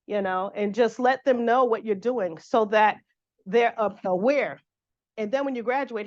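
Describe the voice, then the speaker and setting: A woman runs a career workshop in a relaxed, talkative way. She keeps slipping into little acted-out phone calls. The recording sounds dull and lo-fi. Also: fairly high pitch, a little slow. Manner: chatty, acts out sample phone calls. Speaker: workshop instructor. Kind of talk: casual career workshop talk.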